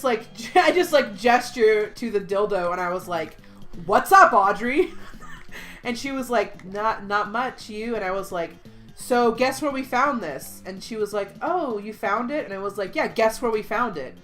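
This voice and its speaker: A woman telling a story in casual chat, animated, swearing freely and acting out what people said. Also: medium pitch, moderate pace, soft background music. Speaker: podcast host.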